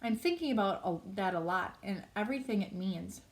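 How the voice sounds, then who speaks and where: A woman's voice: mid-range voice, expressive, a little fast. A woman reading a novel aloud in a plain, unpolished way, with small slips she corrects as she goes. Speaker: reader.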